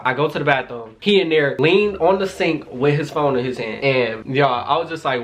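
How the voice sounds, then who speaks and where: Young man, casual storytime, chatty and loose, mid-pitched voice, acts out dialogue. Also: a little fast, hardly any pauses, fairly bright tone. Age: young adult. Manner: chatty, loose, quotes people in dialogue, frequent "like" and "y'all". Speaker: vlogger.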